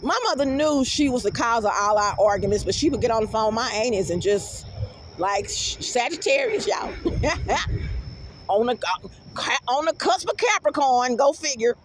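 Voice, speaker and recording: Brash woman vlogger, AAVE, high-pitched, profane, animated rant delivery. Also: normal speed, a little hiss or hum. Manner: brash, profane, animated, swings into loud outbursts. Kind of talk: casual rant to camera.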